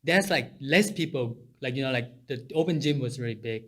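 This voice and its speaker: Man, podcast guest, non-native English, halting, many restarts, laughs through stories. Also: mid-range voice. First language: Japanese or Thai. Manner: laughs while telling stories. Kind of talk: casual conversation.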